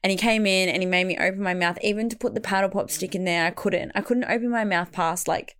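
A young woman, chatting casually as a co-host and telling a lively story. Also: mid-range voice, fast. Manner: lively storyteller, acts out what others said. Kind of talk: casual chat.

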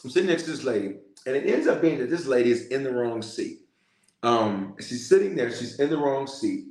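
Male preacher, animated storyteller, middle pitch, echoey room. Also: a little fast. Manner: storytelling, animated, calls out to listeners. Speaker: bishop. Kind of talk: sermon-style prayer message.

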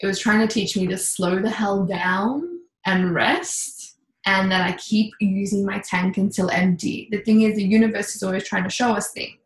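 A woman coach telling a candid personal story in a casual, lively way, with mild swearing. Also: medium pitch, moderate pace, reverberant, low-quality recording. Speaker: intuitive coach, podcast guest.

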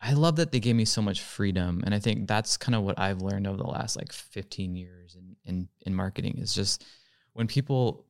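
A man, a podcast guest, telling his career story in a relaxed, casual way with lots of "like" fillers. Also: lowish voice, normal speed, no room sound, studio quality. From California. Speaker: podcast guest, real estate marketing director.

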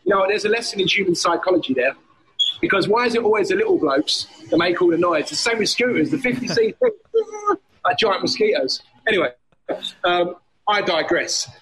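Out on a street, with a crowd in the background and faint traffic noise, a gym owner and personal trainer talks casually on a podcast. He speaks at a moderate pace in a high-pitched voice, animatedly acting out gym banter in his stories; the recording is rough.

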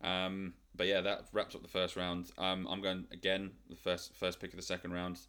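A man hosts a loose, casual chat, laughing as he goes and swearing freely. His voice sits low, with a bright, ringing tone. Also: monotone, clean tone. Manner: laughing, swearing, quick asides. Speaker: podcast host.

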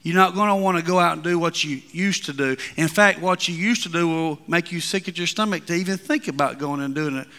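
A man preaching in a church hall, his high, bright voice ringing clear. He swings from emphatic, rising declarations to low, confiding asides. A long reverb trails behind his words. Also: fairly quick, few pauses. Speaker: pastor. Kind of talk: sermon.

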